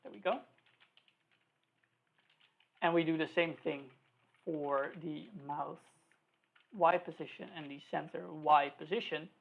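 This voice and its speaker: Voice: medium pitch, fairly even intonation, a little slow, vocal fry, long pauses. A programming instructor talking through live code, thinking aloud, spelling out each line, and correcting slips along the way. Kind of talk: live-coding tutorial. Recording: tinny phone-like recording.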